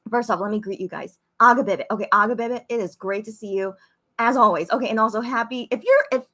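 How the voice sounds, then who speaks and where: A young woman talks to her viewers on a live stream from home, her voice sitting a little high. She rambles in an emotional way, stopping and restarting often and filling gaps with fillers as she chats casually. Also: fairly bright tone. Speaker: vlogger hosting a live stream.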